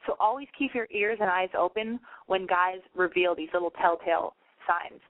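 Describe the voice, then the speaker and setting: A woman's voice: fairly low pitch, normal speed, no room sound. A woman hosting a call-in advice show in casual, rambling talk, swearing often and ranting. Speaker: radio call-in host. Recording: narrow phone-like sound.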